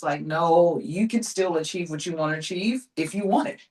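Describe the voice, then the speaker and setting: This forty-something woman speaks at a normal speed in a lowish, somewhat mellow voice, captured on a low-quality recording. Being interviewed, she delivers casual motivation with emphatic determination and plenty of everyday fillers.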